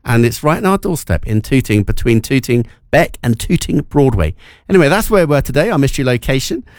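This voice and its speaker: A man's voice: medium pitch, big pitch swings, a little fast, a little mellow, no echo, clean studio sound. A man hosting a radio show in casual chat, talking loosely with fillers and restarts. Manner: chatty, lots of filler words and restarts. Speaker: radio host. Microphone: studio microphone.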